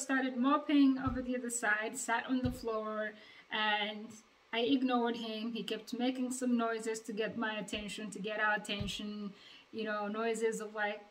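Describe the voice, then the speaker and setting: A woman's voice: on the high side, rough recording. A woman from Uganda, a mother telling a family story to her viewers in a casual, chatty way and acting out the dialogue. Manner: chatty, animated retelling with quoted dialogue. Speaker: vlogger, mother of two.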